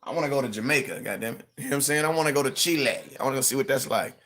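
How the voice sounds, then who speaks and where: A livestream host in his thirties with a medium-pitched voice rants casually about sports. He is animated and mocking, throwing in quick impressions and laughing often.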